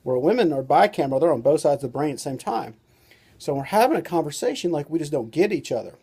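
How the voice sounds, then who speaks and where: Rambling male doctor, mellow voice. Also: a little high, big pitch swings, fast talker, husky. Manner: rambling, loose delivery full of "you know" and "like". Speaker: doctor and author. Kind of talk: informal talk-to-camera lesson.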